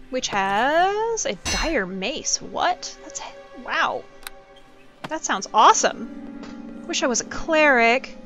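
A woman streamer giving chatty, excitable commentary while playing a game, full of quick asides and exclamations. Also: mid-range voice. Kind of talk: casual gameplay commentary. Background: game music.

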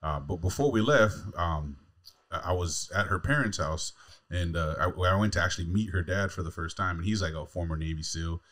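A deep-voiced male podcast host in his forties, from California, rattling off a story at a quick clip. He swears freely and laughs through the telling, keeping it loose and conversational. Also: fairly bright tone. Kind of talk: casual chat, storytelling.

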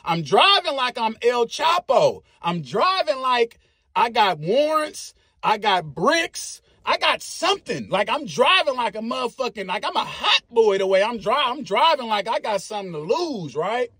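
Bay man in his thirties, very high husky voice, animated and profane storyteller who makes his own sound effects. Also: normal speed, no echo. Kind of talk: casual storytelling.

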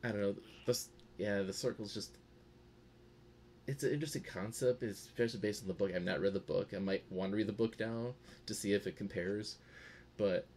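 A young man with a fairly low voice rambles through his thoughts on a film, chatty and loose. A faint hum of background noise sits under his voice. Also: a little fast, a little mellow. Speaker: co-host. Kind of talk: casual movie review chat.

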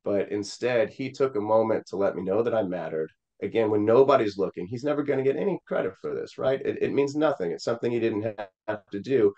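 A man with a low voice and a slightly dull sound tells a heartfelt story from his childhood. He rambles, using lots of "uh" and "you know," and drops into quoted voices of people he met. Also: brisk, hardly any pauses, dark tone. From Missouri. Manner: rambling with many fillers, quoting voices. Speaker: Senate candidate. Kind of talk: emotional personal storytelling.

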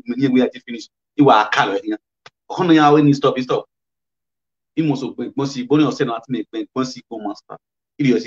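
Nigerian pidgin accent, male blogger, animated code-switching chat, medium pitch, muffled lo-fi sound. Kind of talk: casual commentary. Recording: dull lo-fi audio.

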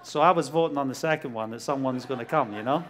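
Animated Scottish preacher telling a story. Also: male voice, medium pitch, quick pace. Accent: Scottish, Glasgow. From Scotland. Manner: animated storytelling, laughs often, acts out dialogue. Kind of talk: testimony sermon.

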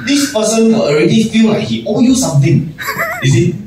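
In a noisy, echoey room picked up by a far-off mic, a man who is a general manager delivers a relaxed pep talk to staff, frequently laughing and playing out little scenes. He talks briskly in a high-pitched voice with big pitch swings.

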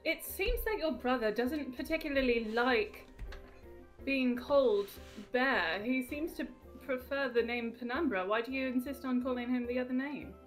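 A woman's voice: high voice, normal speed, soft background music, close to an everyday voice. A woman voicing a polite young orphan adventurer who asks questions hesitantly. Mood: curious.

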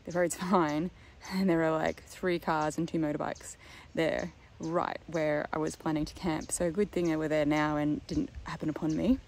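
A young woman with a lowish voice chats to a camera held at arm's length as she vlogs. She rambles loosely, filling her talk with ums and likes and breaking into laughs. A faint outdoor hum sits under her voice. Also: flat delivery, normal speed, few pauses, darkish tone. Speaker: long-distance walker and vlogger. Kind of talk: casual vlog chat to camera.

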